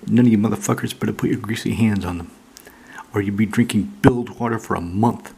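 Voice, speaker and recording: A man putting on a gruff pirate voice to make profane threats. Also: fairly low pitch, fairly quick, darkish tone. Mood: menacing.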